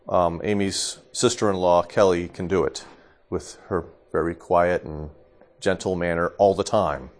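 Conversational male pastor teaching informally. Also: low-pitched. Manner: conversational, often asks "okay?" and laughs. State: slightly congested from allergies.

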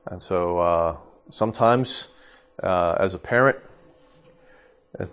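A middle-aged male pastor teaches scripture in a relaxed, chatty way, often pausing to ask "okay?" and breaking into a laugh. His voice sits a bit low and sounds a little congested from allergies. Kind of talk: informal Bible teaching.

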